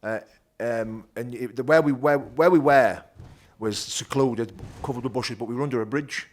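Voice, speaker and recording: A man with a Teesside accent telling his rough childhood story as an interview guest, blunt and animated, swearing freely. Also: mid-range voice, moderate pace. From North East England. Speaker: guest, bare knuckle fighter. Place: gym.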